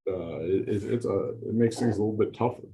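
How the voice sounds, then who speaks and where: Low, mellow-voiced man coach. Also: fairly quick, slight background noise, low-quality recording. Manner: easygoing, short agreeing replies. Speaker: college offensive line coach, guest. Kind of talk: casual chat.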